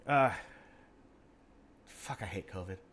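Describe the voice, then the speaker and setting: A middle-aged man hosting a podcast in casual chat, a lively storyteller who laughs often and swears freely. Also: fairly low pitch, slow pace. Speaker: podcast host.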